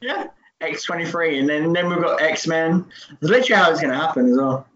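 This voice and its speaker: A man's voice: fairly high pitch, expressive, a little fast, a crowd in the background. A man co-hosting a podcast, chatting casually and swearing, joking and laughing often. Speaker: podcast co-host. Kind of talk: casual chat. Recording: echoey room, dull lo-fi audio.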